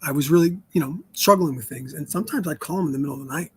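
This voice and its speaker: A man's voice: on the high side, rapid-fire, fairly bright tone, breathy edge. A man in his fifties hosting a live stream, talking candidly and telling stories in which he quotes other people. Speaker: host.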